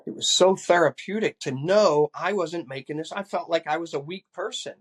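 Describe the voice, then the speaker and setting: A man's voice: on the high side, normal speed, slightly rough. An older man, a retired police chief, earnestly recounting personal experiences in a conversation, often repeating words as he goes.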